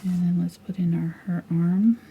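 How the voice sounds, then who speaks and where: A woman's voice: fairly low pitch, steady tone, normal speed, vocal fry, dull audio, background noise. A middle-aged woman teaching a live painting tutorial, chatting and thinking aloud as she works. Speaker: painting instructor.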